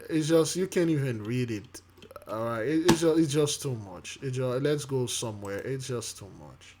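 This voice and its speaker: A man giving casual spoken commentary with a preachy edge, halting often with fillers and restarts while reading news aloud. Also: medium pitch, background noise. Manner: preachy, addresses listeners as beloved.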